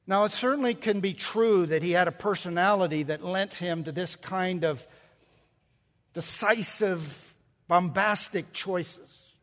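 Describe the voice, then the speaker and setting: Slow, emphatic male preacher in a reverberant hall. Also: high voice, fairly bright tone. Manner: expository preaching, quotes scripture and Greek grammar, builds to emphatic peaks. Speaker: pastor. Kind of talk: sermon.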